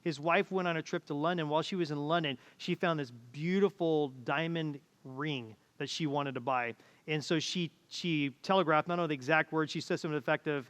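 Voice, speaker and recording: A man's voice: on the high side, fairly even intonation, fairly quick, fairly bright tone, long reverb tail. A man preaching a sermon as pastor, telling stories and acting out the people in them. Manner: storytelling, acts out quoted voices. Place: church auditorium.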